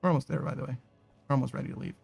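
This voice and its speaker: A man's voice: medium pitch, fairly even intonation, very fast, creaky, darkish tone, breathy edge, dry recording, faint music behind. A man giving casual, profane, sarcastic commentary while playing a video game. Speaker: gaming streamer.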